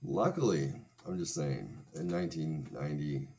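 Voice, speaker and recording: Man, forties, very low voice, crude, sarcastic, rambling, comic streamer host. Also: normal speed, warm tone, slight background noise. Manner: sarcastic, crude and rambling, with self-mocking asides. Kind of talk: comedic storytelling on a livestream.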